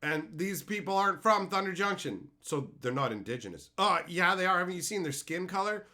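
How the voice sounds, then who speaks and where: A young streamer from Canada rants in a bright, sharp voice that swoops up and down in pitch. He swears freely and mocks his targets with sudden loud impressions. It is a casual, heated commentary. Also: lively intonation, fairly quick. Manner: profane, mocking, swings into loud sneering impressions. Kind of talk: ranting commentary.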